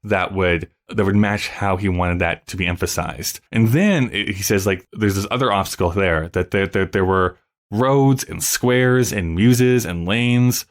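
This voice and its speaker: A man hosts a podcast, talking through ideas with eager, rambling enthusiasm. His voice sits on the lower side, and it is relaxed and conversational. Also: unhurried. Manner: enthusiastic, explains at length with fillers. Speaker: podcast host. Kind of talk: casual chat.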